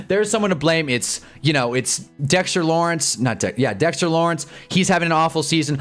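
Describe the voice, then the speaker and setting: A man hosts a live football stream, rambling through casual commentary, reading chat and getting loud and excited over big plays. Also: on the high side.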